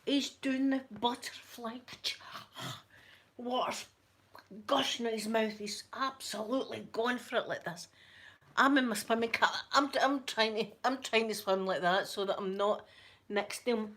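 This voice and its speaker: A woman's voice: fairly high pitch, measured pace, fairly bright tone. A Scottish woman telling a story to her viewers, chatty and rambling, with many stammering restarts. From Scotland. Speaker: channel host.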